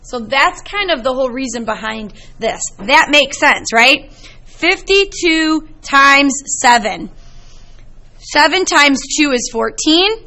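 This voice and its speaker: Lively high-voiced woman math teacher. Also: takes it slowly. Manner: lively, chatty storytelling to students. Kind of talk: classroom teaching. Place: classroom.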